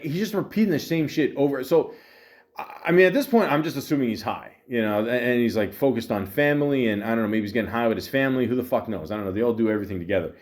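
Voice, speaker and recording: Rambling, profane male podcast host. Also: medium pitch. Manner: rambling and profane, heavy on fillers and restarts; exasperated retelling of an argument. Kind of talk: casual storytelling.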